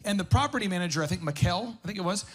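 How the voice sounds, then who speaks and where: A man hosting a live business workshop, telling stories in an animated way. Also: sits high, racing. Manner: animated storyteller. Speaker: host.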